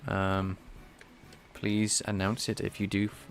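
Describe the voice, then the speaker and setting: A man's voice: fairly low pitch, completely flat delivery, takes it slowly, gravelly, soft background music. A man live-streaming his programming work, thinking aloud in a casual, rambling way and chatting with viewers. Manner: rambling and self-deprecating, chatting with viewers between tasks.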